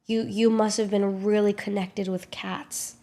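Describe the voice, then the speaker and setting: A young woman streamer telling a story in a casual vlog, quick and animated, full of fillers and swearing, acting out what others said. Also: mid-range voice. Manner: animated, swearing, filler-heavy, acts out quotes.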